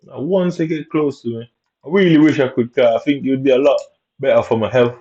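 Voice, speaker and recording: While playing, a man keeps up a heavy stream of muttered rants about his own gameplay, speaking briskly at medium pitch. The voice is mellow, dark, and aggrieved throughout, captured in a dull, lo-fi recording.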